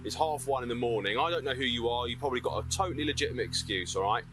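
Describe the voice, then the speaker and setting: A police officer with a London accent, calm and firm, reassuring a stopped man during a search. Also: mid-range voice, racing, background noise. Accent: London English.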